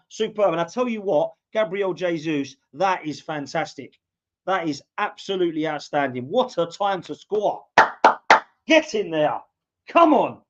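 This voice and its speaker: A man from England commentating live on a match as a fan podcast host, reacting loudly to play and reading viewer comments. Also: fairly high pitch. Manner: excitable, shouts at goals, reads out viewer comments. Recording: dull lo-fi mic.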